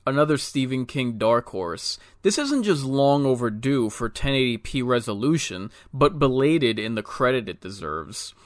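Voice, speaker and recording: A man's voice: medium pitch, lively intonation, moderate pace, few pauses. A man reading a scripted film review with dry, wry humor.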